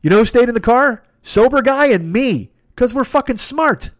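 A man hosting a podcast, telling a comedic story in a profane, animated way and acting out both sides of the dialogue. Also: extremely high pitch, moderate pace, no echo, clean studio sound. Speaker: podcast host.

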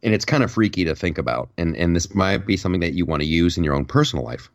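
A man's voice: deep voice, lively intonation, fast, no room sound, clean studio sound. A man hosting a podcast, chatting casually and telling a rambling story with lots of restarts. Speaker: podcast host.

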